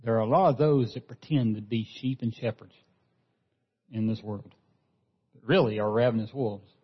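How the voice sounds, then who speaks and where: A man's voice: mid-range voice, normal speed, husky. A man preaching a sermon as pastor, earnest, often repeating a word as he restarts a phrase. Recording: dull lo-fi sound with long hall reverb.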